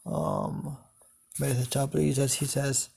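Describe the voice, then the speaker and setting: A man narrating an improvised fan story, slow and halting with many ums and casual swearing. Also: mid-range voice, flat delivery, creaky, darkish tone, husky.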